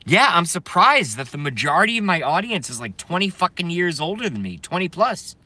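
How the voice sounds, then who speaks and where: A man's voice: sits high, sing-song, a little fast, sharp tone, no echo. A young man ranting brashly and profanely on a live stream while reading viewer comments.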